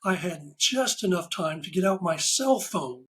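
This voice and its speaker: A man talking as a podcast guest. He tells stories in a casual, animated way and acts out the lines of the people in them. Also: sits high, a little slow, low-quality recording. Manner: animated anecdotal storyteller, acts out quoted dialogue. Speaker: podcast guest, ride photographer. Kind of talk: casual interview storytelling.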